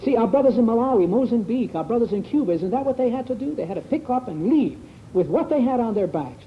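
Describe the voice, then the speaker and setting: Man, high voice, folksy Bible talk, rhetorical questions, faint tape hiss, dull lo-fi sound. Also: expressive, fast talker. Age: 1970s recording. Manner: folksy, repeats "see?" and "sure". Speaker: speaker at a congregation meeting.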